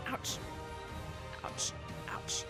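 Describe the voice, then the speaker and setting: A young woman streaming a game, joking, swearing and reading the game text aloud, with game music under her voice. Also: very slow. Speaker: livestreamer. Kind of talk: casual gaming commentary.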